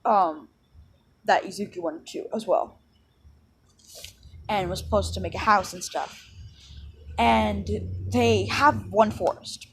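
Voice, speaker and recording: A woman's voice: mid-range voice, takes it slowly, pauses often, slight background noise. A woman casually retelling a fan story she made up, rambling with lots of fillers and repeats.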